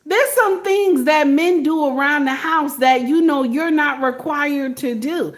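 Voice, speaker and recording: A woman hosting a reaction video, talking in a loud, theatrical way with frequent swearing and laughter. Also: high-pitched, a little slow. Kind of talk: animated reaction commentary.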